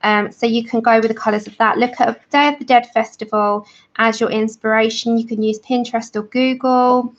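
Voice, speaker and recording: A woman's voice: a little high, steady tone, a little fast, dull audio. A woman hosting a colouring livestream, chatting enthusiastically and greeting viewers by name. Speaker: livestream host of a colouring channel. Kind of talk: casual livestream chat with viewers.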